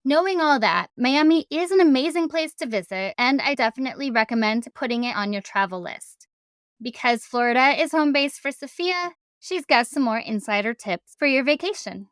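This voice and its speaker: A woman host narrating crime facts and asking her guest questions in a clear, informative way. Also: high-pitched, lively intonation, moderate pace, fairly bright tone, no echo, clean studio sound. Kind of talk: narration and interviewing.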